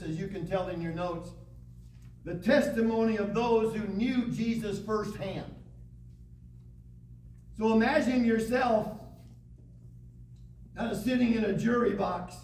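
High-voiced man teaching a Bible lesson. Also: darkish tone. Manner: reads scripture aloud with dramatic pauses. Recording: echoey room, distant mic, faint hiss.

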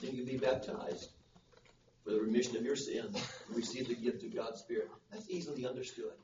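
Male preacher, slightly high voice, emphatic sermon delivery; dull, lo-fi recording with faint noise. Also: a little fast, reverberant, recorded from a distance. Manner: emphatic, builds to loud numbered points. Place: church service.

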